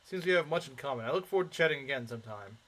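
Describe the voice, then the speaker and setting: A man's voice: medium pitch, lively intonation, very fast, fairly bright tone, lightly acted, poor audio. A man voicing a noble, devoted young male prince with formal, courtly phrasing, reading game dialogue aloud. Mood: earnest.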